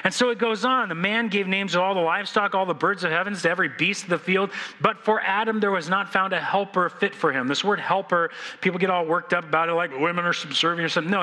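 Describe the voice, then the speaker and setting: Animated preacher man in a reverberant hall. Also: high-pitched. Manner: animated, acting out scenes with playful voices. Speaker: pastor. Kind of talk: sermon. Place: church sanctuary.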